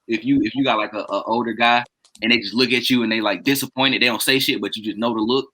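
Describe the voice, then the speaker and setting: Bright-voiced man telling a rowdy story. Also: mid-range voice, rough recording. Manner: animated, laughs often, acts out quoted dialogue. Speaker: podcast co-host telling a story. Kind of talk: casual storytelling among friends.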